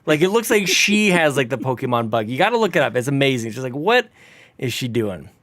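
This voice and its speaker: A man's voice: mid-range voice, very animated, brisk, fairly bright tone, no room sound. A man hosting a gaming podcast in casual chat, joking and telling playful stories. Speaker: podcast host.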